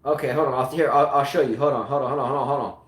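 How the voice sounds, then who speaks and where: A man's voice: medium pitch, steady tone, very fast, roomy sound. A man hosting a live-stream tennis quiz in a casual, joking way, often repeating himself in a hurry.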